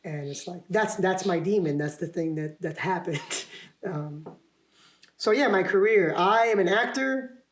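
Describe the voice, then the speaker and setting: A young adult actor, appearing as a podcast guest, talks casually at a measured pace in a high-pitched voice. He rambles and is self-deprecating, laughing often and restarting sentences, with a roomy echo on the recording.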